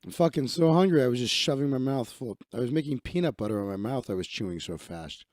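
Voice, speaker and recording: A man's voice: mid-range voice, lively intonation, quick pace, no echo, studio quality. Crude, rambling man on a livestream. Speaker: livestream host. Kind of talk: casual live-stream chat.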